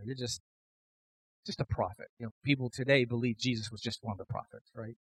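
A man preaching a sermon as pastor, emphatic, building to loud repeated declarations. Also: mid-range voice, fairly even intonation, fairly quick, husky, no echo, poor audio.

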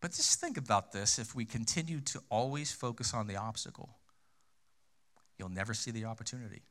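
A man's voice: mid-range voice, fairly quick, a bit bright. A male pastor preaching a sermon in a conversational way, asking rhetorical questions and repeating key phrases for emphasis.

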